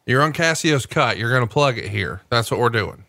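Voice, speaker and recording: A man's voice: medium pitch, lively intonation, brisk, creaky, sharp tone, no echo, clean studio sound. A man co-hosting a podcast in casual chat, joking, teasing and swearing freely. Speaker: podcast co-host.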